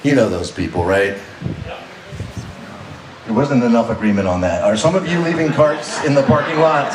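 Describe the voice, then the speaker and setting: A man's voice: medium pitch, expressive, moderate pace, pauses often, far from the mic. A man doing a stand-up comedy set on stage, chatting with the crowd and often checking in with "right?". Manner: conversational, asks the crowd "right?" a lot. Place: comedy club stage with live audience. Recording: roomy live venue, faint noise.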